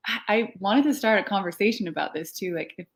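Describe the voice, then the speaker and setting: A woman's voice: medium pitch, fast. A woman with a French accent, a filmmaker guest chatting casually and laughing often between her answers. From France. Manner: giggly, frequent laughter and fillers. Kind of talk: casual interview chat.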